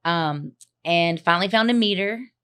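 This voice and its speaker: A woman's voice: on the low side, normal speed, a bit bright, clean tone. A young woman co-hosting a podcast, telling a story in casual chat and acting out the other people's voices, laughing often. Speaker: podcast co-host.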